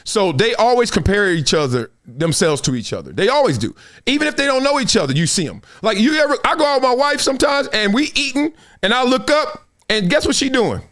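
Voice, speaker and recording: A man hosting a live sports talk show, giving opinionated commentary in a slangy, animated manner and laughing often. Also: very high-pitched, brisk.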